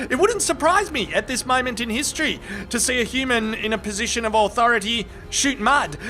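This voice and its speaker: An Australian man narrates a video as a comedy bit, pitched very high with a bright, forceful tone. His delivery is deadpan, punctuated by incredulous outbursts. Faint music plays behind him. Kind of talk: scripted comic commentary.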